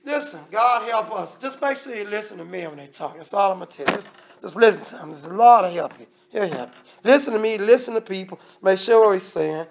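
High-pitched preacher. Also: male voice, lively intonation, a little fast, gravelly, slight background noise. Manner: preaching with emphatic, shifting loudness; conversational, with repeated restarts. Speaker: minister. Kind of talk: sermon.

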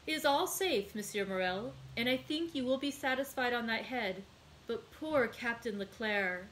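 A woman reading the part of a calm, resolute young male sailor in a read-aloud book, in a plain reading voice. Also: on the high side, unhurried, slight background noise, poor audio. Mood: sorrowful.

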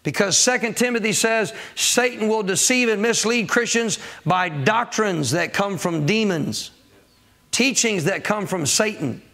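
A male pastor's voice, high and somewhat slow with a creaky edge and fairly bright tone, fills the church sanctuary as he preaches. He asks the congregation for responses and plays out people's excuses.

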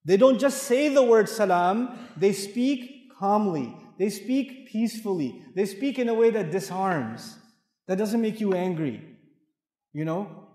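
Warm in tone and unhurried, a middle-aged Islamic lecturer's high-pitched voice carries lively intonation as he shares anecdotes and acts out dialogue in a playful, animated talk. He speaks to an audience in a large mosque hall, recorded from a distance with strong echo.

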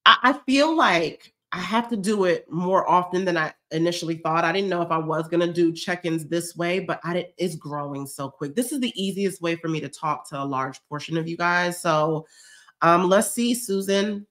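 Speaking at a moderate pace, a woman whose voice is on the low side and a bit bright chats through a fitness check-in livestream. She reads viewers' comments and answers them warmly and effusively, slipping in "y'all" often, and her cold makes her sound slightly stuffy.

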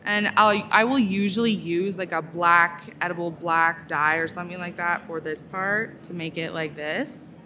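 A woman's voice: fairly low pitch, fairly even intonation, normal speed, hardly any pauses, background noise. A woman chatting casually on a live stream while she makes something, talking in her real voice with lots of fillers like "like" and "so". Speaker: ASMR creator. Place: busy convention hall.

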